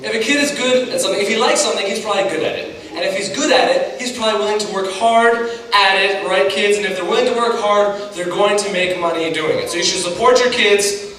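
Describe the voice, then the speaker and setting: A young man doing a stand-up comedy set, chatty and animated, talking straight to the crowd. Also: high-pitched, fast talker, slight background noise. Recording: echoey hall from a distant mic.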